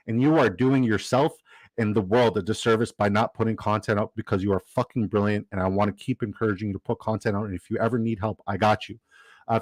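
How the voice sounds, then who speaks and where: A man's voice: mid-range voice, dry recording, rough recording. A man hosting a live stream in a casual, upbeat way, rambling and reading out viewer comments. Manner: chatty and upbeat, rambling with fillers and shout-outs. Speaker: livestream host.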